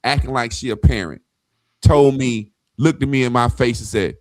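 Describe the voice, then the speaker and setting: A man's voice: medium pitch, normal speed, no echo, clean studio sound. A man telling profane stories in a casual chat, acting out the voices of people he quotes. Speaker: guest.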